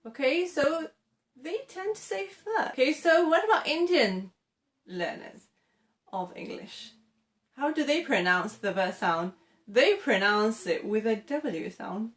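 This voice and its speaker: A woman teaching English pronunciation, speaking in a slightly high voice at a very unhurried pace. She is patient and deliberate, repeating example words slowly and checking in with the viewer as she goes. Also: expressive. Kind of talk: slow, clear pronunciation lesson to camera.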